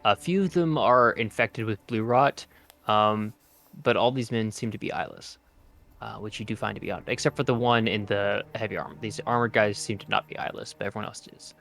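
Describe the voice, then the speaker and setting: Low-voiced game master, halting. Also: male voice, creaky, a bit bright, faint music behind. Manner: hesitant, many filler sounds. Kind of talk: narrating a tabletop game.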